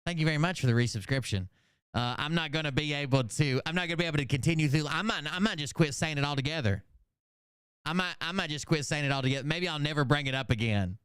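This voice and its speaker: A man's voice: a little high, fast talker, a bit bright, clear, resonant tone, no room sound, clean studio sound. A man in his thirties with a Southern US accent, hosting a livestream in casual, rambling commentary full of jokes and swearing. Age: 30s. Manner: rambling, joking, heavy swearing. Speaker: livestream host.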